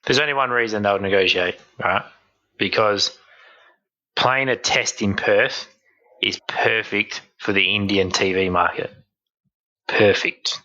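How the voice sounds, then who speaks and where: A man's voice: lowish voice, unhurried, sharp tone, muffled recording. A man joining a podcast chat, emphatic and exclaiming as he argues a point. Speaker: podcast guest. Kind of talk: casual chat.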